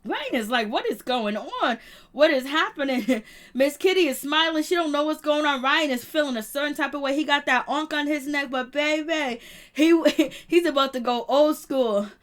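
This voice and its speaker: A woman's voice: high-pitched, normal speed. A woman hosting a live show, recapping a reality episode in slang-heavy casual talk, acting out quotes and laughing often. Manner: animated retelling, acts out quotes, frequent laughter. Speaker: YouTube show host reviewing reality TV. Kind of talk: live-stream commentary chat.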